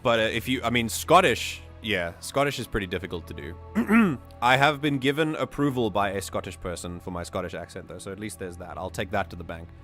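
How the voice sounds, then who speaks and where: Low-voiced South African male host who reads fiction aloud and jumps into excited commentary; faint music underneath. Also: fairly quick, hardly any pauses. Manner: animated, excitable asides between steady narration. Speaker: host reading a community story aloud. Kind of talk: story reading with casual commentary.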